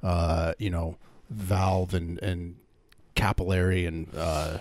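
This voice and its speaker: A man's voice: sits low, flat delivery, takes it slowly, darkish tone, dry recording. A man co-hosting a radio show, talking in a laid-back, hesitant way with many fillers. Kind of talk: casual comedic banter during a fund drive.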